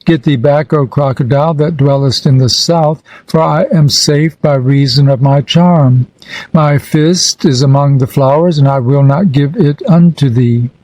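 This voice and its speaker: A man reading an ancient funerary text aloud in a solemn, measured, declamatory manner. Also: on the high side, a little mellow, no room sound, low-quality recording. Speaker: reader.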